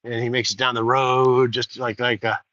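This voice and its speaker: A man's voice: medium pitch, little pitch movement, moderate pace, bright, forceful tone, no room sound. A man hosting a rambling walk-and-talk livestream outdoors by rice fields, chatty and digressive, on a dull lo-fi recording. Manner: digressive, chatty, folksy asides. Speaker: host.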